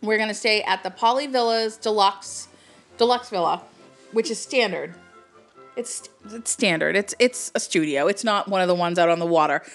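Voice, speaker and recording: A woman from Cape Cod co-hosting a casual podcast, chatty and laughing often with quick asides. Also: medium pitch, faint music behind. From Cape Cod, Massachusetts. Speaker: podcast co-host.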